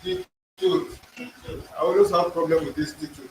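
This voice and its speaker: A man's voice: high voice, huge pitch swings, unhurried, slight background noise. A man teaching an in-person language class, drilling pronunciation, repeating words and quizzing his students. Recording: echoey room, far from the mic.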